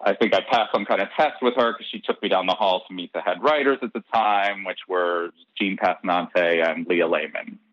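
A man's voice: low-pitched, normal speed, hardly any pauses, no room sound. A man, a soap opera head writer, telling stories in a casual interview and acting out the dialogue. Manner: lively, acts out dialogue in his stories. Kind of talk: casual anecdotal storytelling. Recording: dull, dry lo-fi podcast audio.

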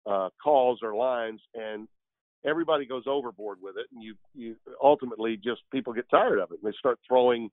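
A man's voice: medium pitch, a little fast, no echo. An older man, a guest broadcaster, telling rambling, jokey stories in casual chat over the phone. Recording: tinny dry phone line.

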